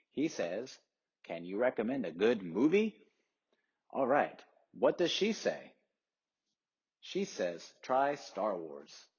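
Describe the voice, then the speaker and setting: Male English teacher walking students through exercises, husky voice, slow pace, dull lo-fi recording. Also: medium pitch. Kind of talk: classroom instruction.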